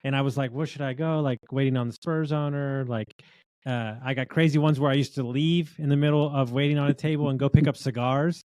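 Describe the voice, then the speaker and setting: Fast-talking man telling wild stories. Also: mid-range voice, no room sound. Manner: animated storyteller, acts out quotes of others. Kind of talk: casual storytelling chat.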